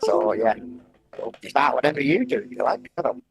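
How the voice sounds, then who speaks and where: A man's voice: medium pitch, big pitch swings, moderate pace, gravelly, rough recording. A man joining a livestream by video call, chatting casually with a dry, teasing manner. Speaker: guest on call. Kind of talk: casual chat over a call.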